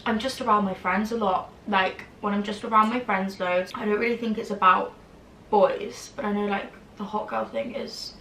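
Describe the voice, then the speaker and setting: A woman's voice: mid-range voice, sharp tone, a little hiss or hum. A young woman with a slightly whiny voice, chatting casually to camera and rambling with lots of "like" fillers. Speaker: YouTuber. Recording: roomy, distant from the mic.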